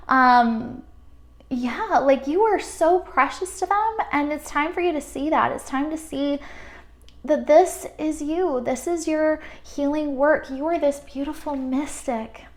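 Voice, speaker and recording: A woman reads cards for her viewers in a fairly high voice. She is gentle and affirming, and her talk is full of loose fillers. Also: a little slow. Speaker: tarot card reader. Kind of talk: pick-a-card spiritual reading.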